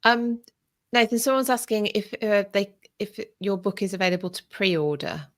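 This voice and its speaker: Female co-host, mid-pitched, upbeat, reads out viewer questions. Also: fairly even intonation, normal speed. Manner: upbeat, relays audience questions. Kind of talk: casual video chat.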